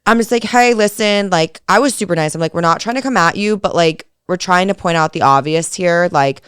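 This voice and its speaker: A woman's voice: lowish voice, a little fast, a bit bright, smooth, dry recording, studio quality. A young adult woman co-hosting a podcast, telling a story in casual chat, dramatic, laughing often and swearing freely. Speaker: podcast co-host.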